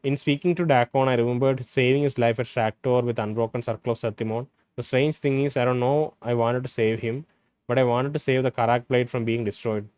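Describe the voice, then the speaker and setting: A man playing a role-playing game, reading its dialogue aloud and thinking out loud between lines. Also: mid-range voice, steady tone, fairly quick, clean tone, dry recording, dull audio. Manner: hesitant, restarts and fillers, reads dialogue in plain voice. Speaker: gameplay streamer.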